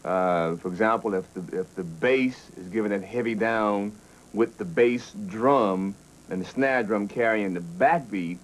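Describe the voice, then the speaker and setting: A man's voice: lowish voice, measured pace, low-quality recording. A man, a funk musician, earnestly explaining musical rhythm to an interviewer. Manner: earnest, explanatory, a few restarts.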